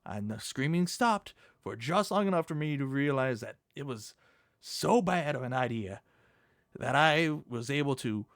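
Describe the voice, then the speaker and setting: A man commentating as he plays a horror game, jumpy and animated, swearing under his breath at scares. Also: medium pitch, unhurried, no room sound, studio quality. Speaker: gaming YouTuber.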